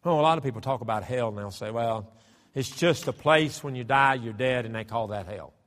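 A man preaching a sermon as pastor, with a fervent, emphatic delivery that swells into loud declarations. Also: mid-range voice, fairly quick, long reverb tail. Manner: starts with a hushed prayer, then builds to loud fervent preaching. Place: church sanctuary.

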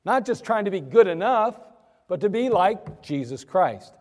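High voiced pastor preaching hard, lots of church echo. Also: male voice, very animated, unhurried, darkish tone. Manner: emphatic preaching, acting out quoted voices. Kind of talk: sermon. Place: church sanctuary. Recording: church sanctuary with long reverb.

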